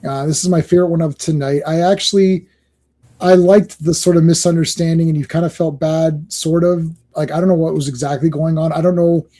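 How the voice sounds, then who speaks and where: A man's voice: on the high side, steady tone, fairly quick, warm tone. A man co-hosting a casual comic book talk show, joking and laughing often. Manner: laughs often, jokey, mimics characters. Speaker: podcast co-host.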